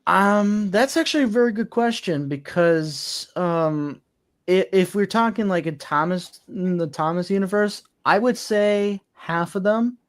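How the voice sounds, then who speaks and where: A man's voice: sits high, measured pace. A man in casual live-stream chat who explains eagerly, giving examples as he goes. His voice sits a little above the usual male range. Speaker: voice actor.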